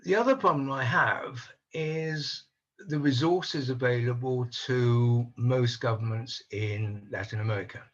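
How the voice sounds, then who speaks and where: An older man speaking on a conference panel over a video call, measured and analytical, voicing doubts in a deliberate way. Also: mid-range voice, highs cut off. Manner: measured, analytical, openly skeptical. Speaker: panel speaker on housing policy. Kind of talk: online conference talk.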